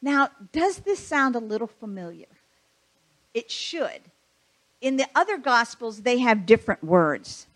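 A woman's voice: fairly high pitch, big pitch swings, measured pace, a bit bright. A woman preaching a conversational sermon, asking her listeners rhetorical questions.

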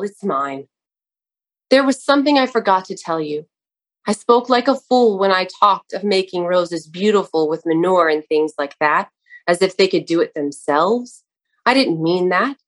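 Reading aloud, a woman voices a kind male nursery gardener who earnestly explains things to a lad, occasionally exclaiming. Her mid-range voice is lightly acted.

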